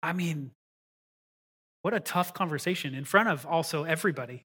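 A male pastor preaching a sermon, reading scripture slowly and deliberately, then talking it through in a casual, animated way. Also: on the high side, husky. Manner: conversational, animated asides.

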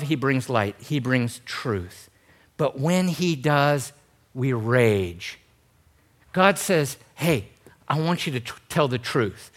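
A pastor in his forties delivers a sermon in a slightly higher voice for a man. He is animated, jumps into quoted voices and slips in self-deprecating jokes. The sound is that of a church sanctuary. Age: 40s. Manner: self-deprecating, joking asides.

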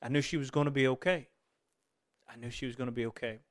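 A middle-aged man preaching a sermon, moving between fervent exclamations and quiet, tender storytelling. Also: medium pitch, fairly even intonation, fast talker.

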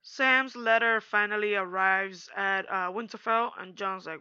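A young woman chatting casually in a slangy, animated recap, acting out quotes as she goes. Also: medium pitch, normal speed, hardly any pauses, clear, resonant tone, dry recording, dull audio.

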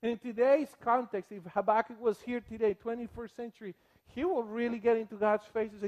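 A man preaching a sermon as pastor, animated and acting out the people he quotes. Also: very high-pitched, fairly quick.

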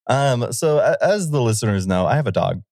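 A man's voice: medium pitch, no echo. A man co-hosting a podcast, telling a rambling self-amused story in casual chat at a close studio mic. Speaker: podcast co-host.

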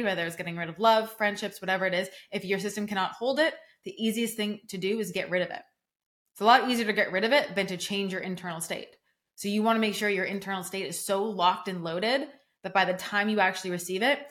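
On her solo podcast, a young adult coach talks in a relaxed but emphatic way, with frequent "like" fillers and acted-out reactions when she quotes people. She has a mid-range, fairly bright voice.

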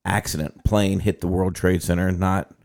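A man chatting casually on a podcast in a relaxed way, often checking in with "right?". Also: sits low, normal speed, gravelly. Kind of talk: casual chat.

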